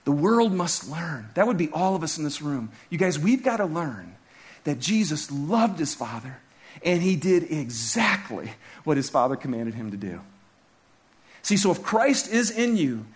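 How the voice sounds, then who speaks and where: A man in his thirties preaching a sermon as a pastor, telling stories with his voice rising high and dropping low. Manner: animated storytelling, voice rising and dropping sharply.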